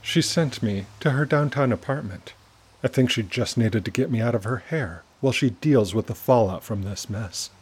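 An angry young girl speaks in short, icy sentences in a storybook reading, voiced by a man narrator. Her voice comes out breathy and husky, with a middling pitch. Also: moderate pace, a little mellow, natural voice. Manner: icy and clipped. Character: cold, angry young girl best friend.

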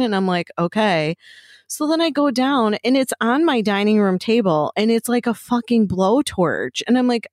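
A middle-aged woman co-hosting a casual chat, telling animated stories and swearing freely. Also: mid-range voice, normal speed, no echo, clean studio sound.

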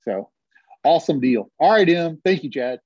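A man's voice: a little high, animated, normal speed, darkish tone, husky, no echo, lo-fi sound. A man hosting a casual live call-in podcast over a video call, teasing his callers. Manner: joking, teasing banter with callers. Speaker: podcast host.

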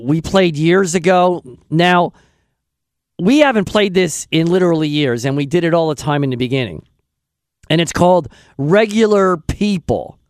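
A man's voice: on the high side, no echo. A man hosting a radio show, chatting in a rambling, casual way into a studio microphone. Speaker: radio host.

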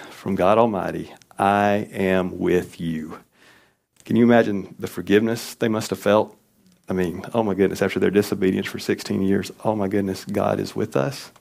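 A man's voice: lowish voice, gravelly, a little mellow. A man preaching a conversational, folksy sermon in a church, reading scripture with emphasis. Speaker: pastor.

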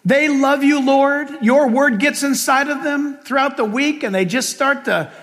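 An older man preaching a sermon as pastor, telling stories in an animated, humorous way. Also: very high-pitched, measured pace, long reverb tail.

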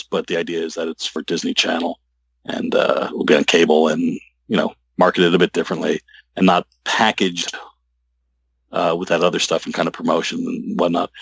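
A man talking as an interview guest about his comic work, halting and rambling with many restarts. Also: low voice, fairly bright tone, husky, no echo. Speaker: comic book writer guest. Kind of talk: casual interview talk.

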